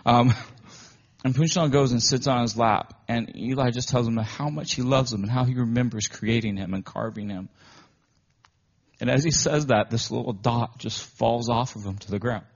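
Male preacher, husky voice, chatty emotional sermon delivery, dull lo-fi audio. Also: mid-range voice, moderate pace. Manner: conversational storytelling, often emotional. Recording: dull lo-fi recording.

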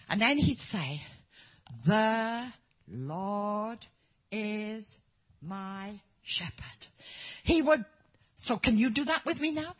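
A woman's voice: on the high side, fairly bright tone, husky. A woman preaching and telling a story to a congregation, with a dramatic delivery that drops to whispers for emphasis. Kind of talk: sermon storytelling. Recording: dull lo-fi recording.

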